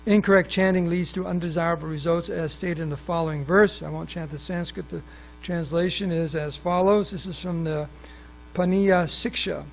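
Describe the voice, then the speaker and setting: A man's voice: on the high side, fairly even intonation, moderate pace, gravelly, a little hiss or hum, rough recording. A man giving a scripture class, reading passages aloud and adding asides and questions for the audience, often restarting his sentences. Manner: frequent restarts and fillers. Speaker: class speaker at a temple. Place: temple hall.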